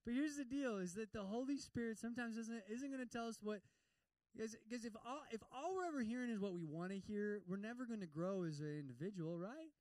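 A male pastor giving a lively sermon, acting out prayers in other voices and slipping in humor. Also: high-pitched, a little fast, no room sound, distant mic, low-quality recording.

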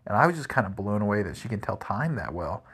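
A man's voice: lowish voice, quick pace, slightly rough. A man telling rambling everyday stories in a casual monologue, full of "like" and "crazy". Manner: rambling, animated, lots of "like" and "crazy".

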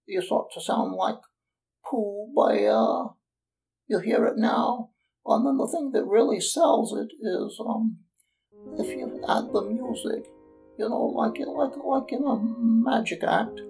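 A man doing an impression of a gentle, slow cartoon bear, half-whispering as if his mouth were full and stretching out the ends of his phrases. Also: high voice, creaky, voice pushed up, exaggerated voice, poor audio. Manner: slow drawn-out phrase endings with stutters.

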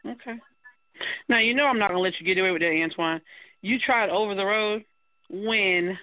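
A woman's voice: mid-range voice, normal speed, dry recording. A woman hosting a group call, teasing the others and laughing often as she talks. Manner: laughs a lot while teasing. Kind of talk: casual chat. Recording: phone-like line.

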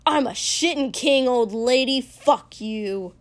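A man's voice: extremely high pitch, takes it slowly, exaggerated voice. A woman doing a snarling foul-mouthed young king. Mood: furious. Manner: shouting, cursing, snarling.

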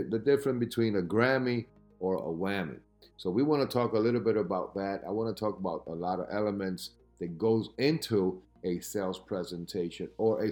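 A man giving podcast talk as a sales coach, with an emphatic, lively delivery who keeps asking "right?" as he teaches. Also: lowish voice.

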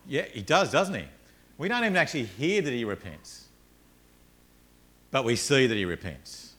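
Man, pastor, sermon, animated storytelling. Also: medium pitch, normal speed. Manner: animated storytelling, acts out characters.

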